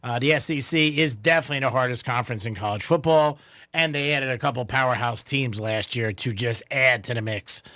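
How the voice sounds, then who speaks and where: A man's voice: mid-range voice, fairly quick, pushed and bright, no room sound, studio quality. A man hosting a radio talk show, chatting loosely with many fillers and frequent laughs, then talking sports.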